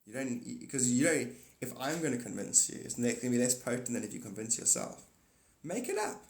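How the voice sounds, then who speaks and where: Guy on a phone livestream rambling about manifesting, echoey room, middle pitch. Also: fast, gravelly. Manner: rambling, animated, spiritual talk. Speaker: livestream host. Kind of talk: casual livestream chat reading comments.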